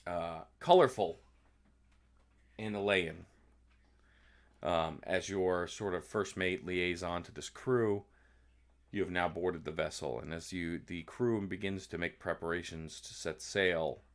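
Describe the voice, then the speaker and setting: A man with a very low, deep voice runs a tabletop game as its game master. He recaps the story so far in a loose, halting way, pausing often on ums and uhs as he feels his way through the narration.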